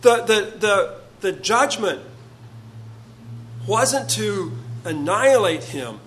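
A man preaching a sermon, earnest and halting, often repeating words as he builds a point. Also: sits high, animated, fairly bright tone, rough recording.

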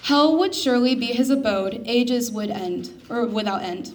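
High-voiced woman reading scripture from afar. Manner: careful, measured reading. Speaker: scripture reader. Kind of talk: reading scripture and a poem aloud. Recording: distant mic with faint noise.

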